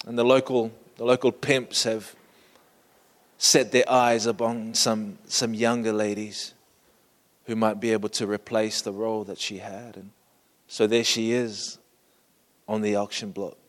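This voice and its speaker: A man preaching a sermon, painting a vivid scene slowly and inviting listeners to imagine it. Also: on the low side, flat delivery, long reverb tail. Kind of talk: storytelling sermon.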